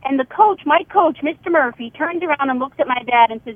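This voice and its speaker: A woman's voice: sits high, lively intonation, a little fast, few pauses, no echo. Woman telling a story over a phone line. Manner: vivid storyteller, acts out quoted dialogue. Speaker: author and guest. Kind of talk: telling a family story in a radio interview. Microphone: telephone.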